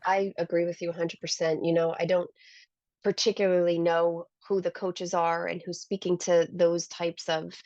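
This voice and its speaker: A woman's voice: fairly low pitch, a little mellow, no echo. A woman who owns a salon, telling heartfelt stories as a guest in a conversational interview. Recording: dull, lo-fi dry sound.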